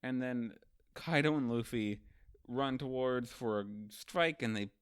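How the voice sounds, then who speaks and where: A man's voice: mid-range voice, a little slow, clear, resonant tone, no room sound, clean studio sound. A man hosting a casual manga ranking show, recapping chapters in a loose, profane, chatty way and acting out the characters' lines.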